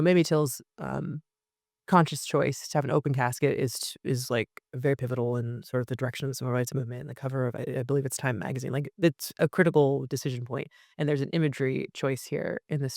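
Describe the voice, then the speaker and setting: A woman, an actress in her thirties, chatting casually as an interview guest, full of fillers and quick laughs. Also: sits low, darkish tone, dry recording, clean studio sound.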